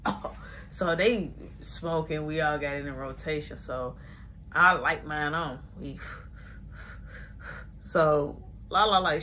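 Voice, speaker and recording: Animated young woman. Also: fairly low pitch, normal speed, slight background noise. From Chicago, USA. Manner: animated retelling, acting out quoted voices. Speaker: storyteller vlogger. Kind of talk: casual storytime.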